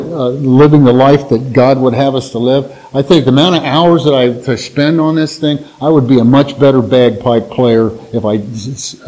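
A man's voice: mid-range voice, darkish tone, low-quality recording. A man giving an informal Bible teaching to his church in a plainspoken, folksy, conversational way.

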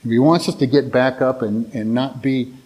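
A man's voice: medium pitch, fairly even intonation, normal speed, a little mellow, poor audio. A man preaching an informal sermon, telling a rambling, folksy personal story before reading scripture.

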